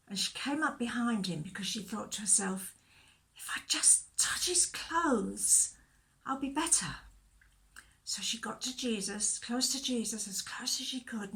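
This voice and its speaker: A woman with a mid-range voice leads a children's church talk recorded for video. She tells a Bible story gently and expressively, asking questions along the way.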